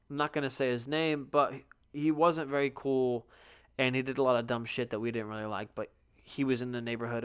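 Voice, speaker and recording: A young man hosting a solo podcast, telling stories in a profane, animated way, sometimes sleepy and yawning. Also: mid-range voice, clean tone. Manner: profane, animated storytelling with loud outbursts. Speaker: podcast host. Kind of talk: casual solo podcast monologue.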